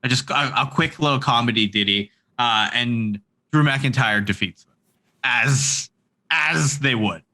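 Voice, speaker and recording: A man co-hosts a casual chat and keeps the talk on track, hesitating with many fillers. His voice is strikingly bright and sharp, at a mid pitch. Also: a little slow. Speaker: podcast co-host.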